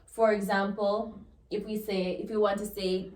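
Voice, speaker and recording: A woman with a Jamaican accent teaching a language lesson, slowly repeating example words. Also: medium pitch. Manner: slow and deliberate, repeats example words, laughs now and then. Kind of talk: lesson explaining pronunciation rules. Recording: echoey room.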